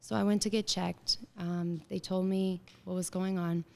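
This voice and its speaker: Woman with a gravelly vocal fry. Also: lowish voice, moderate pace. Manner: animated storyteller acting out quoted dialogue; frequent filler words. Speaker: guest. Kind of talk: casual interview conversation.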